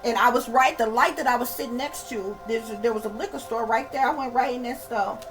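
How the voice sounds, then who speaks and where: A channel host and psychic reader with a fairly high voice rants to camera a little fast, swearing freely and hammering her points through repetition. She keeps calling her viewers y'all, faint music plays behind her, and the recording is rough.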